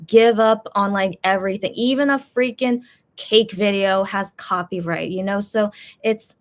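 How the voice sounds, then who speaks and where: A woman's voice: medium pitch, a little slow. A woman talks casually to her viewers as a channel host. She rambles, restarting sentences and filling gaps as she complains in a frustrated way. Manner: rambling, many fillers and restarts.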